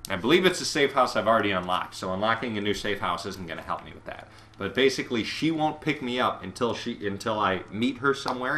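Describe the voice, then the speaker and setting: A man hosting a let's play, chatting casually and sarcastically over the game, with sudden loud shouts when the action heats up. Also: lowish voice. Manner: rambling, sarcastic, bursts into loud excited shouts during fights. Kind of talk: casual gameplay commentary. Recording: game audio and noise behind the voice.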